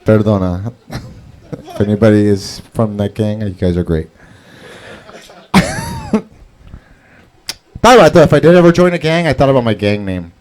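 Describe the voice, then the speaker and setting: A man's voice: lowish voice, wildly swooping pitch, unhurried, pauses often, darkish tone. A man doing open mic stand-up, rambling and profane, laughing at his own jokes. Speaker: stand-up comedian. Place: comedy club stage.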